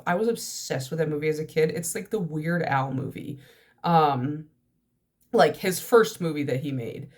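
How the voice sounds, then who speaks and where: Young woman vlogger, congested and nasal, lower-pitched, stream-of-consciousness casual chat. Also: darkish tone. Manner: chatty stream-of-consciousness talk. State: stuffy nose, nasal from allergies. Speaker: nail polish vlogger.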